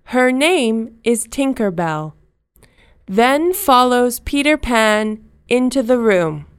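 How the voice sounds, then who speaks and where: A woman narrating a children's storybook in simple, slow, clearly spoken sentences. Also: on the high side, big pitch swings, dry recording.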